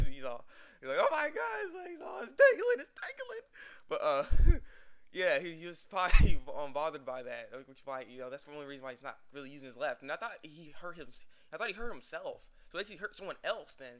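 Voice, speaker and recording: A man's voice: medium pitch, a bit bright, clean tone. A young man casually recapping an anime episode, rambling and acting out the characters' lines with laughs. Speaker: anime reviewer.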